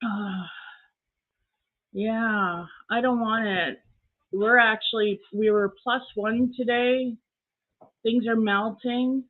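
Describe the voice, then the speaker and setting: A woman's voice: a little high, steady tone, slow, long pauses. A Canadian woman hosting a casual live stream, chatting and greeting viewers by name. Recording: tinny phone-like audio.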